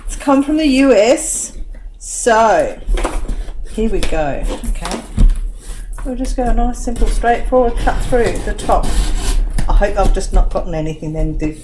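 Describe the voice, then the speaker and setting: A woman's voice: medium pitch, animated, measured pace, pauses often, noisy background. A woman filming a crafting unboxing vlog, gushing and tearful with lots of oohs and wows. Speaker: crafting vlogger.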